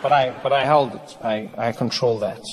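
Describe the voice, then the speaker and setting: A man performing a stand-up routine on stage, telling a story with animated delivery and playful impressions. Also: medium pitch, fairly quick, a faint crowd, slight background noise. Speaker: stand-up comedian. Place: comedy stage before a live audience. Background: audience laughter.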